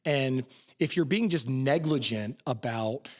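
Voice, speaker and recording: Man, mid-pitched, rambling, animated, casual podcast co-host, lawyerly. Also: unhurried. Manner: rambling, animated storyteller, acts out quotes.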